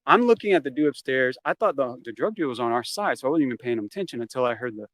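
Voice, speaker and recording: A man telling a wild story from his past as an interview guest, swearing freely and acting out every quoted line. His voice sits at an ordinary middle pitch. The recording is dry, with almost no room sound. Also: rapid-fire, no echo. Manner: profane, animated, acts out quoted lines. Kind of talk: casual storytelling.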